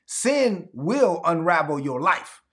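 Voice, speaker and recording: A man preaching a sermon as pastor, animated and acting out the people he quotes. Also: on the high side, slow pace.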